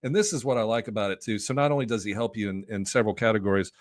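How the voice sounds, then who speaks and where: A man's voice: on the low side, racing, no room sound, studio quality. A man guesting on a sports podcast, talking loosely and enthusiastically with lots of restarts. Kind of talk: casual podcast chat.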